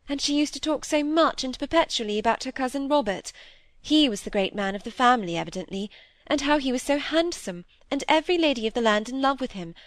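A woman's voice: fairly high pitch, dry recording, lightly acted. A woman reading the part of a troubled young woman confessing her regrets to a friend, earnest and regretful. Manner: earnest, regretful, rising to indignation. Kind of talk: audiobook reading of dialogue.

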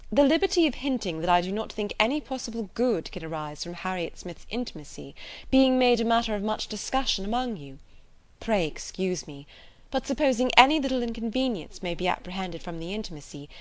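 Audiobook: woman plays gentle, earnest middle-aged lady, mid pitch. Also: lightly acted. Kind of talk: audiobook character reading.

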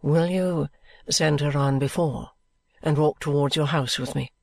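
A woman reading a storybook, voicing a proud middle-aged aristocratic lady who speaks slowly, low and measured. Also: steady tone, gravelly, no echo, heavily acted. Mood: kind.

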